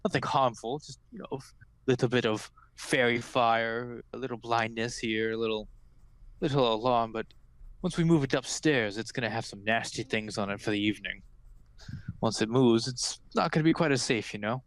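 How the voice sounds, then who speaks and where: A man's voice: medium pitch, normal speed, no room sound, close to an everyday voice, rough recording. Man doing a chatty human gate guard. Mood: explaining. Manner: casual, rambling explanations with fillers.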